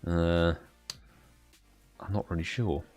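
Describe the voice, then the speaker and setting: British man, very deep voice, laid-back live stream chat, faint music behind. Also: slow pace. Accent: British English. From United Kingdom. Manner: relaxed, chatty, greets chat viewers by name. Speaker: livestream host.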